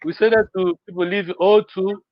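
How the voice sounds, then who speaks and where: A man teaching a language class online, encouraging students and repeating words slowly so they can copy them. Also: sits high, fairly even intonation, no room sound, highs cut off.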